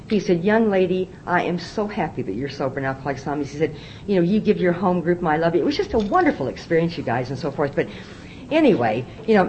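Animated older woman telling a recovery story. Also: lowish voice, a little hiss or hum, poor audio. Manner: animated, confiding storyteller, acts out dialogue. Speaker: AA speaker. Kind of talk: recovery meeting talk, storytelling.

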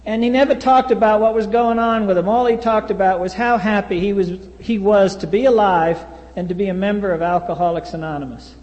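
Recorded in a reverberant hall, this recovery meeting speaker delivers a frank, wry account of his life. He's from the US East Coast, has a high voice with a dark tone, and imitates the people he quotes.

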